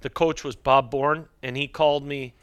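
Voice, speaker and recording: A man's voice: mid-range voice, fairly even intonation, normal speed, fairly bright tone, clear, resonant tone, dry recording. Middle-aged man spinning dry anecdotes. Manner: rambling anecdotes, drops his voice to quote others. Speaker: hockey equipment manager, guest. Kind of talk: casual storytelling chat.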